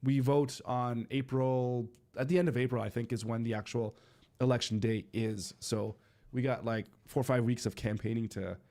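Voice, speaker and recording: A man's voice: mid-range voice, steady tone, normal speed, mellow. A man with a stuffy nose hosting a casual livestream, chatting loosely with lots of fillers and restarts. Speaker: livestream host. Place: home studio in eastern Canada.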